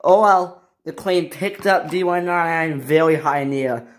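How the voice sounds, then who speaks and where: A man casually narrating a homemade toy train story in a plain, halting way, with frequent restarts. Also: a little high. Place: indoors at a toy train layout.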